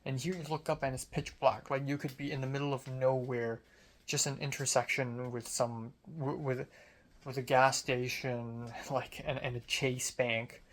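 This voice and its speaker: A man's voice: medium pitch, little pitch movement, normal speed. A young man from Hong Kong telling a story in a casual, rambling way, with self-mocking asides and casual swearing.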